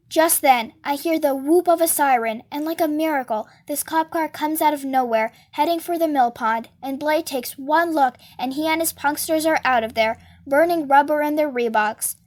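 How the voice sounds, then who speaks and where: High-voiced woman reading a novel aloud. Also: normal speed, hardly any pauses. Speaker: storybook reader.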